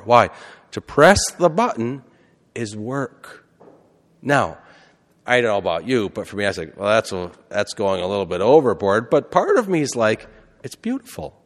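Preacher in a reverberant hall. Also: male voice, on the low side. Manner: conversational, asks the congregation questions. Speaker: Catholic priest. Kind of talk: sermon.

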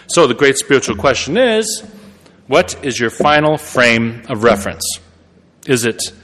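A man's voice: mid-range voice, a bit bright. Preacher man in a reverberant church. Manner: conversational, self-correcting, laughs at himself. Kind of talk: sermon. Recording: long reverb of a church hall.

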